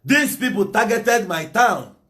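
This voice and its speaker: A man's voice: sits high, animated, measured pace, bright, forceful tone. A Nigerian man with an Igbo English accent giving a fiery, preachy monologue and slipping into Igbo phrases. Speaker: political commentator. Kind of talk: impassioned monologue.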